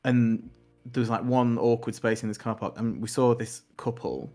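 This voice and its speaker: A man's voice: mid-range voice, a little fast, a little mellow, soft background music. A man in his thirties from England, co-hosting a podcast and telling rambling stories with frequent laughs. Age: 30s. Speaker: podcast co-host. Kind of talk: casual banter.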